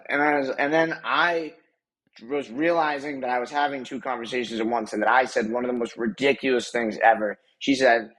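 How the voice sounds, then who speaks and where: A man's voice: mid-range voice, steady tone, brisk, a bit bright, low-quality recording. A young man co-hosting a podcast, telling a rambling, self-correcting story in casual chat and laughing at himself. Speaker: podcast co-host.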